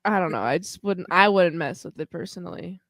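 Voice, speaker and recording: A woman's voice: lowish voice, animated, a little fast, fairly bright tone, no echo. A woman co-hosting a podcast in casual chat, rambling and hedging with lots of filler words. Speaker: podcast co-host.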